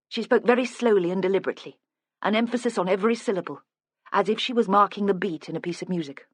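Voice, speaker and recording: A measured audiobook narrator reading a crime novel in an even, unhurried manner. The voice sits mid-range and is recorded close and dry, with no room sound around it. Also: mid-range voice, no echo. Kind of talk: scripted narration.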